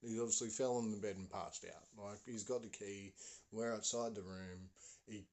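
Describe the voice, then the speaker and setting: A man's voice: lowish voice, steady tone, moderate pace, a little mellow, lightly acted. A man voicing a group of impatient young women friends, grumbling and exasperated. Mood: fretting.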